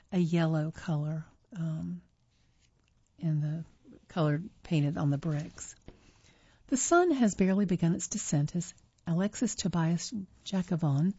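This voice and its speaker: A woman reading magazine articles aloud in an unpolished way, correcting herself and pausing with fillers, on a dull lo-fi recording. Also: on the low side, mellow, slightly rough, no room sound.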